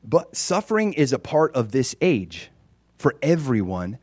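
A man preaching a conversational sermon, dropping quiet and then rising loud and emphatic. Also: medium pitch, very animated, a little slow, breathy edge, no echo, clean studio sound.

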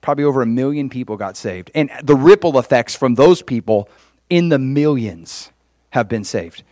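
A man preaching a sermon in a conversational, animated way, often acting out quoted conversations. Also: mid-range voice, normal speed, no room sound, clean studio sound. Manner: acts out quoted conversations in changed voices.

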